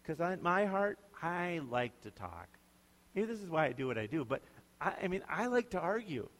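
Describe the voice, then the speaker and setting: A man's voice: a little high, big pitch swings, normal speed, fairly bright tone. A male pastor preaching a sermon in a conversational, emphatic way, often putting questions to his listeners. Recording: long hall reverb.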